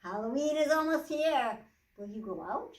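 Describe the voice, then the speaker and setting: Librarian lady reading to kids, kinda high voice, mic far off. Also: lively intonation, normal speed. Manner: playful, chanting rhymes. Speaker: children's librarian. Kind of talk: children's storytime reading. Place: library room. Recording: echoey room, from far off.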